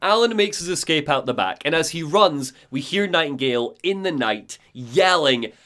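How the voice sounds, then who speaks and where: A man recapping a game as comedic storytelling, animated and giggly. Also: on the high side, moderate pace. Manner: animated, giggly, does voices. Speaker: podcast host recapping a game.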